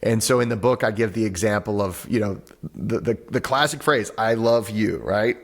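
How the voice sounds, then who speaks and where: A man, a breathwork teacher and author, talks as a podcast guest over a video call. He explains things with animated energy, acts out little voices and often restarts his sentences. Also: lowish voice, normal speed, creaky. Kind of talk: conversational interview on a podcast.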